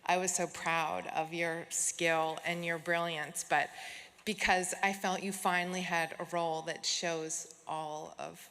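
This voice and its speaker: A middle-aged woman presenting an award on stage, speaking heartfelt and unhurried, with soft fillers, into a podium microphone. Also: lowish voice, level tone, noisy background. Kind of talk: tribute speech at an awards gala. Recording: long hall reverb, audience.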